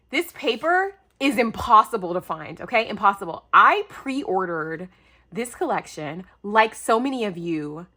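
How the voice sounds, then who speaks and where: A young woman from the United States vlogging a craft mail unboxing, talking fast and gushing, overwhelmed and near tears. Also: on the low side. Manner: gushing, talkative, breathless bursts of excitement. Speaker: craft YouTuber. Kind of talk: excited unboxing vlog.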